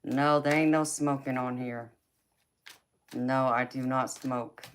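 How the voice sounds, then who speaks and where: Very low-voiced Southern woman, slow drawl. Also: steady tone, a little hiss or hum. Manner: drawling, slow, reads viewer comments aloud. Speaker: livestream host. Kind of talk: casual chat with live viewers.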